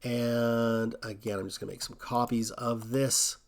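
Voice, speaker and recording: A man hosting a coding tutorial, thinking aloud in a relaxed way as he walks through a screen recording. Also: mid-range voice, unhurried.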